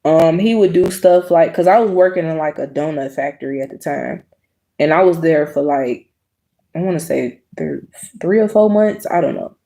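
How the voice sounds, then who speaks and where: A young adult woman with a low voice speaks at normal speed as host, telling viewers a personal story. She's blunt, profane and casual, acting out what people said with animated quoting.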